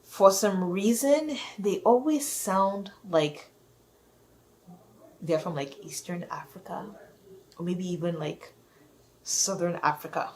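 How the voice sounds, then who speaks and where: Woman venting on her vlog, kinda low voice, rambly, says like a lot, clearly fed up. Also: slow, long pauses, a little mellow, a little hiss or hum. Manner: exasperated, rambling, heavy use of "like". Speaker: vlogger. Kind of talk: casual rant to camera.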